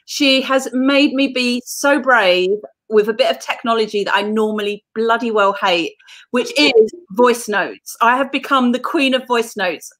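Southern english woman hosting a live chat, chatty and upbeat, fairly high voice, swears a bit. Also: sharp tone. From southern England. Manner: chatty, enthusiastic, swears casually. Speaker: host. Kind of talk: casual live-stream chat.

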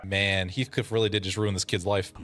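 A man's voice: low-pitched, flat delivery, brisk. A young man joking and laughing as he comments on a video game he plays. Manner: wry, laughing, jokey asides. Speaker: let's play host. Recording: music playing under the voice.

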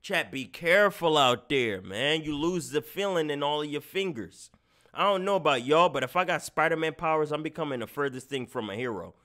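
A live streamer with a slightly high voice talks fairly quickly as he reacts to clips, mocking them for his chat. His casual talk is animated and aimed straight at his viewers.

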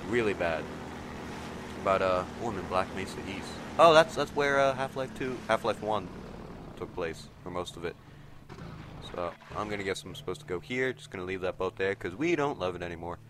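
A teenage boy with a nasal, stuffy voice from allergies, giving excitable let's play commentary and yelping at sudden moments. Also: moderate pace, noisy background. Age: teens. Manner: excitable, yelps and shouts in sudden pitch jumps. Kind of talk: casual gameplay commentary. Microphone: desk mic resting on a table.

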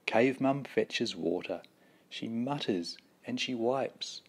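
A man reading a children's picture book aloud in a slow, deliberate, expressive storytelling manner. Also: medium pitch, slightly rough. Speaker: storybook reader.

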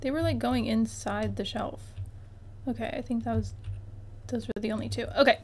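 A woman's voice: fairly high pitch, fairly even intonation, normal speed. A young woman chatting casually while playing a life-sim game, bubbly and exclaiming, often talking straight to the objects on screen. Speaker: gaming YouTuber. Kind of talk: casual gameplay commentary.

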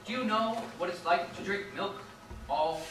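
A man's voice: high-pitched, normal speed, heavy background noise, close to an everyday voice. A young man playing a nervous, blustering city policeman in a school stage play. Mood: flustered. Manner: blustering, flustered, rambling. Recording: echoey stage from far off.

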